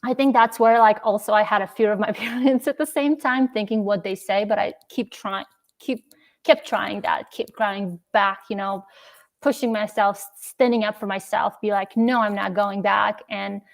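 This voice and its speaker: A woman's voice: medium pitch, fairly even intonation, normal speed, creaky. A young woman from Uzbekistan, a podcast guest telling her story in a casual interview and emotionally acting out her family's words. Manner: emotional, acts out family dialogue.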